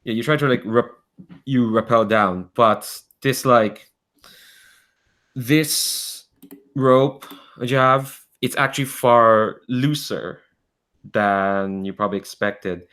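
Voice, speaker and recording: A man running a tabletop game as game master, narrating in a rambling, halting way full of fillers and restarts. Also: mid-range voice, fairly bright tone.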